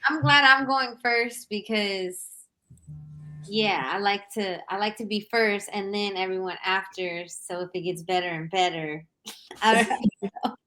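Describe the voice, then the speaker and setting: A woman's voice: medium pitch, measured pace, bright, forceful tone, soft background music. A woman guest in a casual panel chat, talking playfully and laughing easily.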